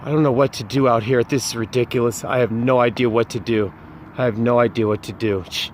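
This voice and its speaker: A man's voice: mid-range voice, fairly even intonation, a little fast, darkish tone, slight background noise. A man hosting a ghost-hunting vlog outdoors in a cemetery at night, talking into a handheld camera mic. He exclaims often and keeps repeating short phrases. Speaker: vlog host.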